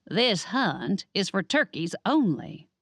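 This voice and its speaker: A woman voicing an older grandmother who is curt, territorial and gruff. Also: medium pitch, big pitch swings, slow, no room sound, clean studio sound, exaggerated voice. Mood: prickly.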